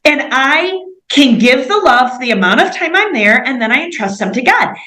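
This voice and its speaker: A woman on a missionary interview, telling her stories in a casual, animated way with many "like"s. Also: sits high, normal speed, reverberant, rough recording. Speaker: missionary guest.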